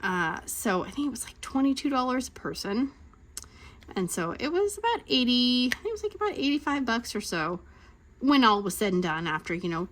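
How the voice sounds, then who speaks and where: A woman in her thirties hosting a crafting channel, telling a rambling story in a chatty rant and acting out quotes in sudden high voices. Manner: rambling and animated, acting out quotes with big pitch jumps.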